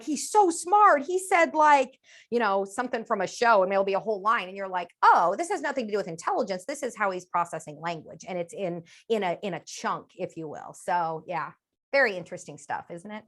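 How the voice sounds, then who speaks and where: A woman in her fifties, a speech-language pathologist, talking as a guest on an interview podcast and lively acting out children's phrases. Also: mid-range voice. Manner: animated, acts out children's phrases in a sing-song voice.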